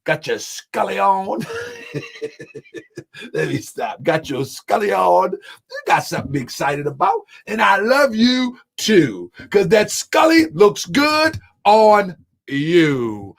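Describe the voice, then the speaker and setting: A man hosting a livestream. He talks loudly and with animation, laughs often, and reads out and answers viewer comments. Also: sits high, very animated, takes it slowly, vocal fry. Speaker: channel host.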